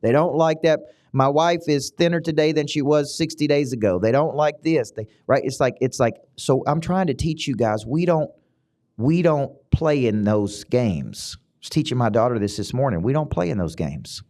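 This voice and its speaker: A middle-aged man with a Southern US accent, hosting a motivational podcast as a business coach, talking emphatically and repeating himself, with sudden upward jumps in pitch. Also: expressive, moderate pace, darkish tone.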